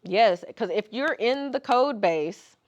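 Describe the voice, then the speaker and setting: A woman speaking as guest presenter at a tech meetup, talking casually and acting out questions in an animated way. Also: a little high, takes it slowly, dull audio. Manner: animated, conversational, acts out questions. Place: meetup room.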